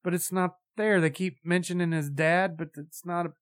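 A man's voice: high voice, steady tone, normal speed. A man in casual chat reviewing a movie, blunt and sarcastic, swearing freely.

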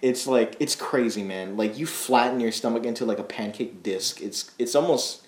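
A young man co-hosting a casual podcast, excitable and laughing often, stumbling over his words. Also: medium pitch, moderate pace. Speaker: podcast co-host. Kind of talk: casual chat. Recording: roomy echo.

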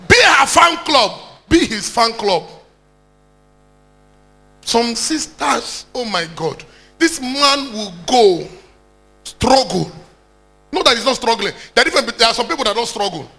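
A man's voice: extremely high pitch, animated, unhurried, creaky, pauses often, pushed and bright, faint music behind. A Nigerian man preaching a sermon, exhorting the congregation and calling out for hallelujahs.

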